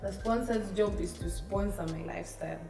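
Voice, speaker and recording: A woman's voice: mid-range voice, a little fast, creaky, dark tone, soft background music. Playful woman chatting. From Uganda. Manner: teasing, playful, laughs often. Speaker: podcast co-host. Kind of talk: casual chat.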